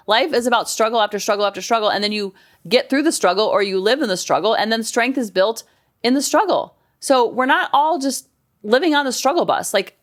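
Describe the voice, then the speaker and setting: A middle-aged woman, a counselor and life coach, hosting her podcast in a chatty, upbeat way. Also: brisk. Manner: chatty, upbeat, acts out quotes in lower voice. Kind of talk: casual chat.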